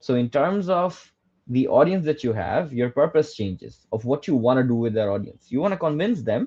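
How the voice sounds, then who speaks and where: A young man with a Bangladeshi accent teaches a workshop on public speaking in a mellow, dark-toned voice. He keeps asking questions and answering them himself, often tagging "right?" onto his points. The recording sounds dull and lo-fi. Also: medium pitch, slightly rough. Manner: mixes in Bengali phrases. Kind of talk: workshop lecture.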